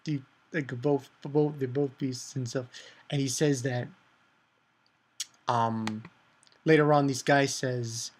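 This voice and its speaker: Excitable, foul-mouthed man reviewing manga. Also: medium pitch. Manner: excitable, profane, rambling with many fillers. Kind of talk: casual chapter review.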